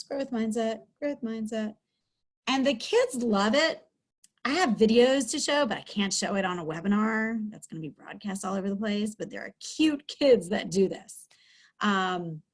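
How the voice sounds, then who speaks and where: A middle-aged woman, a school counselor, giving an upbeat, chatty webinar lesson from home over a video call, with many fillers. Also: a little high. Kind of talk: webinar teaching talk.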